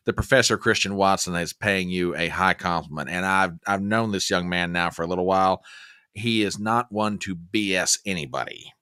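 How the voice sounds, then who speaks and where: A man with a very low, yet bright and forceful voice hosts a live stream chat. He speaks in a measured, folksy way with set phrases. The sound is dry and close to the mic. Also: clean tone, no room sound. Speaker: host.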